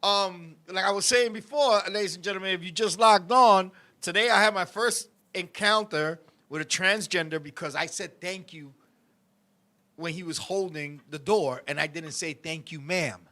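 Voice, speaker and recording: High, bright-voiced heated male storyteller. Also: normal speed. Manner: heated, profane storytelling, addresses co-host and viewers. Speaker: show host. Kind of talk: live-stream talk show storytelling.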